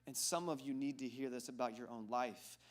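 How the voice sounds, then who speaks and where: A man's voice: medium pitch, fairly even intonation, a little fast. A male pastor preaching a sermon in a church sanctuary, conversational and joking, asking the congregation questions.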